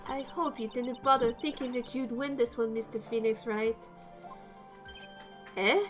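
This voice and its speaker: An arrogant, vengeful young female prosecutor played by a woman barks out her lines in a shrill, high voice. She sounds scornful and commanding, like a character in a fan game dub. Faint music plays behind her. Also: steady tone, measured pace, a bit bright. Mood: haughty.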